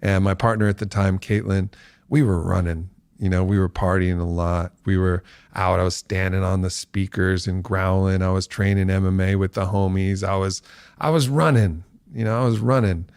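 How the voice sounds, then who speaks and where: A man's voice: deep voice, steady tone, normal speed, a little mellow, clean tone, no echo, clean studio sound. A man as a podcast guest, telling a long story and acting out the voices of people he quotes.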